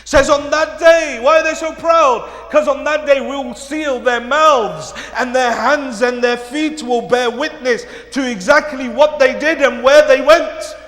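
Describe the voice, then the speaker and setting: High-voiced man preaching in an echoey hall. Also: unhurried, hardly any pauses. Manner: dramatic storytelling with rising shouted peaks. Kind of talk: sermon. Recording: echoey hall, long reverb.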